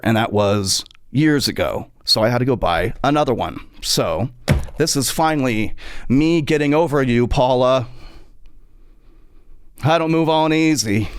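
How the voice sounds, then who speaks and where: A man's voice: dry recording, clean studio sound. A man hosting a podcast, telling a funny story as a monologue and acting out the people in it. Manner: animated, acts out quotes in a high voice. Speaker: podcast host.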